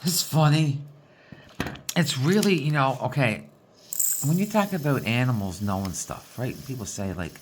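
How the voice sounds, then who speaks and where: With a bass voice and big pitch swings at normal speed, a woman from Newfoundland, Canada chats in a rambling way as she organizes her diamond painting supplies. A slight hiss or hum is audible. Folksy, she frequently ends sentences with "boy".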